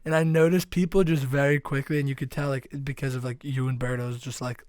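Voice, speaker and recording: A man's voice: medium pitch, little pitch movement, a little fast, a little mellow, dry recording, studio quality. A man co-hosting a casual comedy podcast, joking and swearing and laughing often. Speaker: podcast co-host. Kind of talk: casual chat. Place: small home studio.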